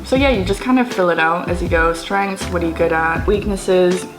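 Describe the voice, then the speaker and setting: A woman's voice: lowish voice, normal speed. A young woman, a physiotherapy student, chatting casually to camera in a vlog, full of fillers. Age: young adult. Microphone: camera and phone cam. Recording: music bed under the voice.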